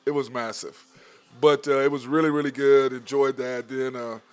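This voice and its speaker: A man's voice: mid-range voice, level tone, normal speed, clean tone. A man hosting a casual sports podcast, loose and rambling, laughing as he tells stories. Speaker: podcast host. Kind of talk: casual sports show chat.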